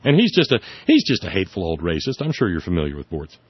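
A man's voice: low voice, wildly swooping pitch, fast, slightly rough, dry recording. A man hosting a casual political chat show, sardonic and rambling, with many restarts. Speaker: podcast host. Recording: dull lo-fi dry audio.

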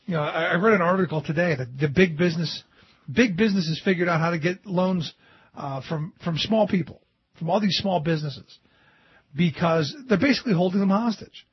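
High-pitched husky sarcastic talk host. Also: male voice, brisk, dry recording. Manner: animated and sarcastic, mimicking opponents in quotes. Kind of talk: political commentary talk show. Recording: dull lo-fi dry studio sound.

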